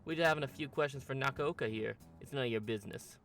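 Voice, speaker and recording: A man's voice: medium pitch, quick pace, fairly bright tone, far from the mic, faint music behind, lightly acted. A man voicing a crude, swaggering teenage bully in a game, blunt and threatening. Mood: menacing.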